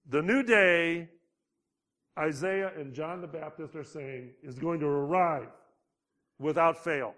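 Male pastor, unhurried deliberate sermon delivery, slightly raised pitch. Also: fairly bright tone. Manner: emphatic, slow and deliberate with swelling emphasis.

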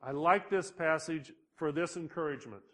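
A man preaching a sermon, slow and deliberate, building emphasis on key words. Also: a little high, fairly bright tone. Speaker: pastor.

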